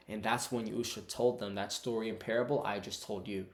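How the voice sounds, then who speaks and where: A man's voice: fairly low pitch, steady tone, brisk, few pauses, echoey room. A man giving a casual, conversational Bible teaching online and calling his viewers "bro". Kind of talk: casual preaching to camera.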